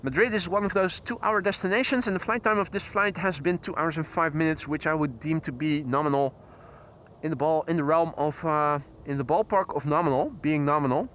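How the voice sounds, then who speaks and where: A man's voice: on the high side, a little fast, a bit bright, a little hiss or hum. A Dutch man hosting a live plane-spotting stream outdoors, chatting precisely about arriving flights and correcting his own wording. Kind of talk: live commentary with chat greetings. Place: outdoors by an airport runway.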